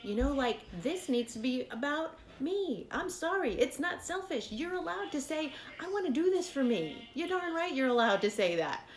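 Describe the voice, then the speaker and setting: A woman's voice: sits high, very animated, normal speed, hardly any pauses. Chatty, encouraging woman in an echoey room. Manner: chatty, encouraging, many fillers. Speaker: fitness vlogger. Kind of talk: casual advice to camera.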